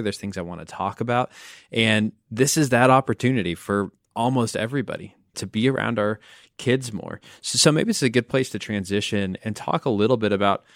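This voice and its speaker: A middle-aged father co-hosting a faith podcast, speaking in a practical, warm, advising manner. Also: on the low side, dry recording, studio quality. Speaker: pastor co-host. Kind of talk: podcast conversation.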